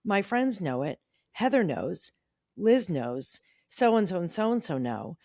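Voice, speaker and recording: A middle-aged woman co-hosting a podcast, reading an old teenage journal aloud and acting out the quotes in a bright voice. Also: on the low side, very animated, slow, no echo, clean studio sound. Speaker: podcast co-host.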